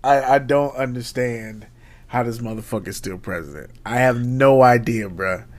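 A man co-hosting a podcast, chatting casually and profanely, often jumping into high mimicking voices. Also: normal speed, a little mellow. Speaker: podcast co-host. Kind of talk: casual chat.

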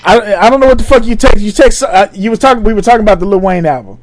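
Laid-back, cursing man with a high voice. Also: rapid-fire. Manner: laid-back, profane, self-mocking about getting old. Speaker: podcast co-host. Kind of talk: casual chat.

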